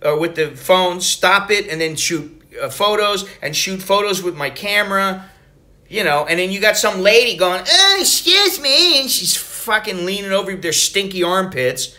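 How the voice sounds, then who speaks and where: Bright-voiced American man rambling. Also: sits high, normal speed. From United States. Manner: rambling, profane, animated storytelling. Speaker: travel vlogger. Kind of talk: casual travel vlog.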